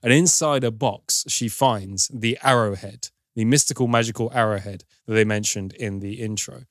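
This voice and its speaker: A man's voice: on the low side, normal speed, dry recording, clean studio sound. Wry man recapping a film. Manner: wry, storytelling, lightly sardonic. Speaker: podcast host recapping a film. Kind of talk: casual film recap chat.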